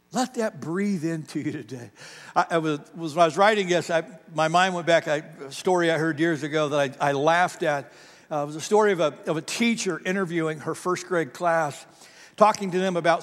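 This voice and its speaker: Guy pastor preaching in a church, highish voice, big echoey hall, keeps repeating himself. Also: fairly quick. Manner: emphatic, with frequent repeats. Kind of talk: sermon. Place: church sanctuary. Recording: long church hall reverb.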